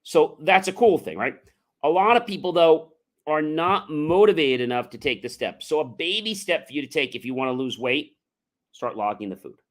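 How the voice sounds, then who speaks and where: A middle-aged man hosting a podcast, giving an earnest, conversational motivational talk with frequent fillers and loud emphatic rises. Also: a little high, expressive, normal speed. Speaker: entrepreneur podcast host.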